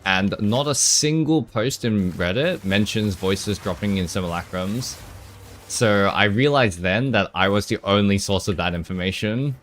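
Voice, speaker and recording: A man with a lowish voice talks casually to his live-stream chat, reacting to comments and breaking into laughs between quick, loose sentences. A faint hum of ambience sits under his voice. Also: fairly bright tone. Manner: chatty, answers chat with laughs and restarts.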